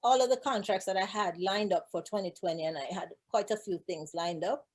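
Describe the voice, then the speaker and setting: A woman recording artist talks casually as an interview guest. She is chatty and loose, with lots of fillers. Her voice sits at an everyday middle pitch. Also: fairly quick. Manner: chatty, frequent fillers and restarts. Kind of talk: casual conversation.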